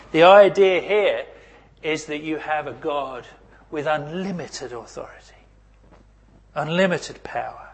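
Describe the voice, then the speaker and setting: A middle-aged man preaching a sermon. He swings between loud emphasis and near-whispered asides. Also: a little high, breathy edge.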